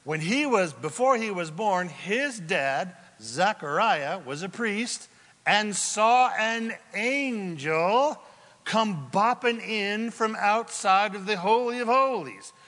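High, bright-voiced pastor preaching in a reverberant hall. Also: male voice, takes it slowly. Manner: lively, jokey storytelling with acted-out quotes. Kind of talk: sermon. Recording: long hall reverb from a large room.

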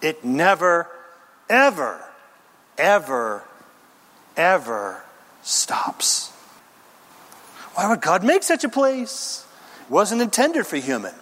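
In a church sanctuary with long, trailing reverb, a male pastor delivers a sermon in a high, husky, lively voice whose pitch swings widely. He preaches emphatically and theatrically, using pauses and rhythmic lists.

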